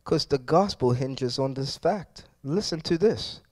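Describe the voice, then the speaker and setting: A male pastor delivering a sermon, asking the congregation for responses and moving between quiet reflection and loud emphasis. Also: medium pitch, animated, a little slow, dry recording. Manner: preaching with call-and-response, swings from quiet to loud.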